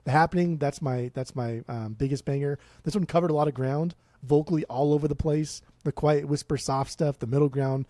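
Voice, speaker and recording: A man's voice: fairly high pitch, steady tone, brisk, few pauses, mellow, no echo. A man co-hosting a casual music podcast, blunt and swearing, with many restarts. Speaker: podcast co-host.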